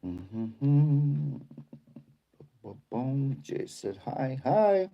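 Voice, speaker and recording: This middle-aged livestream host from Boston, Boston accent and all, reads viewer comments in a rambling, relaxed manner. He speaks extremely slowly in a gravelly, sing-song, mid-range voice, and the recording sounds muffled.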